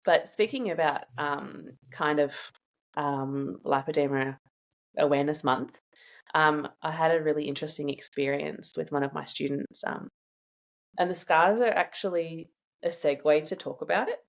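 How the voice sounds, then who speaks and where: A woman with a notably low voice for her sex, chatting openly in an interview. She tells stories with animated asides and laughs often, keeping a casual, conversational tone throughout. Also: moderate pace, gravelly. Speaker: guest sharing her own experience.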